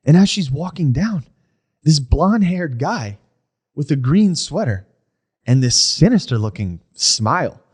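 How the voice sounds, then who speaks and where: A young man casually telling a ghost story on a podcast, animated, often asking "right?" and acting out what people said. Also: a little high, unhurried, breathy edge. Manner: animated storyteller, acts out quoted voices, frequent "like" and "right?". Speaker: podcast co-host.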